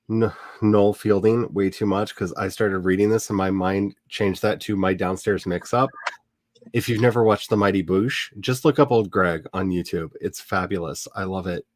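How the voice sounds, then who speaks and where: A man's voice: fairly low pitch, fairly even intonation, normal speed, no room sound. Man, stream host, casual rambling chat, self-mocking jokes, dry close sound. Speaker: livestream host. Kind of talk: casual chat during a writing sprint stream.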